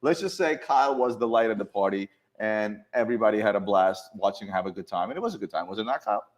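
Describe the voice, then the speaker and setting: Brief: a man hosting an office chat, low-pitched, animated storyteller who restarts his sentences. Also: quick pace. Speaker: show host. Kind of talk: casual chat among coworkers.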